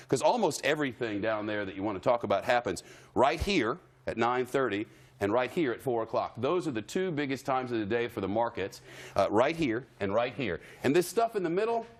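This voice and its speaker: Man, news anchor, studio, wry, conversational, mid pitch. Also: animated, a little fast. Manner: wry, conversational, jokey asides. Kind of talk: live cable news, loose banter. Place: television studio.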